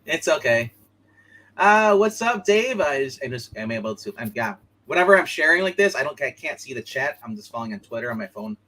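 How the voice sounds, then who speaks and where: A man hosting a live online comic book show, chatting casually and excitedly, laughing often and acting out lines from the panels. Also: mid-range voice, rough recording. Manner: excitable, laughing, acts out comic lines in quick put-on voices. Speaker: podcast host.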